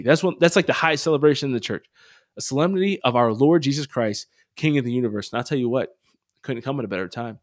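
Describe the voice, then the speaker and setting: A man's voice: medium pitch, no echo, clean studio sound. A man hosting a casual commentary podcast, blunt and opinionated with some swearing, turning earnest and encouraging. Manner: earnest and exhorting. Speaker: podcast host.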